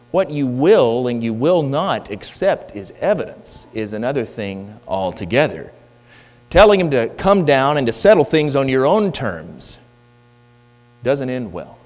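A man's voice: medium pitch, a little mellow. Emphatic male preacher in a reverberant hall. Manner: emphatic, rhetorical questions. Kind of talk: sermon. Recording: long hall reverb with mains hum.

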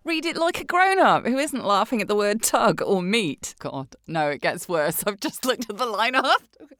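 A woman with a slightly husky voice, chatting casually and sardonically while playing a game, full of swearing and quick jokes. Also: medium pitch, big pitch swings, a bit bright, no room sound, clean studio sound. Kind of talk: casual gaming chat.

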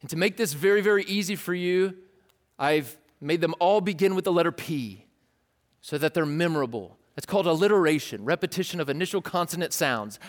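A pastor giving a casual, joking sermon in a conversational way. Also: male voice, a little high, lively intonation, a little fast.

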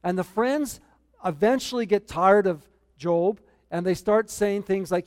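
Man preaching with high voice, reverb. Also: measured pace, darkish tone. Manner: earnest, repeats key points for emphasis. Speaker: pastor. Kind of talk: sermon. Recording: long hall reverb.

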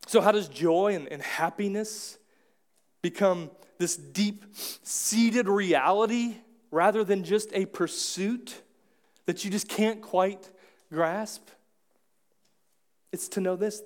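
A man preaching a sermon as pastor, talking conversationally with quick asides and acting out quotes. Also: high-pitched. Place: church.

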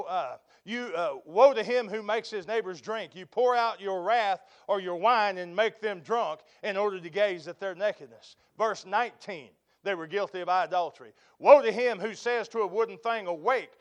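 A man preaching a sermon, building to loud emphatic peaks and then dropping to a low, quiet tone. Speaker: pastor.

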